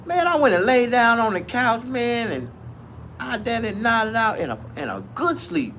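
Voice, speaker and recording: Animated, profane man telling a story. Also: extremely high pitch, normal speed, slight background noise. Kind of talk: comic storytelling rant.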